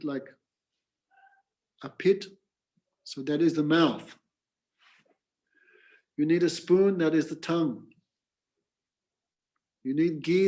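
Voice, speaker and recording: A man with a somewhat high voice teaches a scripture class. He explains patiently in simple words. His teaching is woven with stories and bursts of chanted mantras. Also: mellow. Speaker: spiritual teacher.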